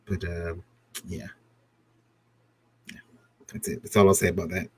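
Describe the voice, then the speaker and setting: A man with a very low voice talks casually on a video call, wandering through his thoughts and restarting sentences. He keeps things joking and loose as he chats about characters. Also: level tone, a little slow, husky, no echo. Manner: rambling, self-interrupting, jokey. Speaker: comic creator guest. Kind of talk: casual panel chat.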